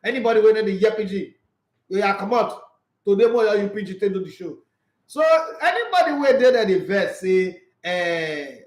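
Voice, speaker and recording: A Nigerian man with a high voice chats about sports on his own livestream. He is animated and laughs often, slipping between Pidgin and English. The sound is echoey, as if he is in a bare room. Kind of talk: casual sports chat.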